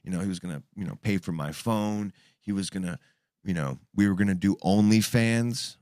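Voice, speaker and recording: A man in his thirties tells a story in casual conversation, animated and swearing freely as he acts out what people said. His voice is deep and moderately paced, recorded with studio quality and no room sound.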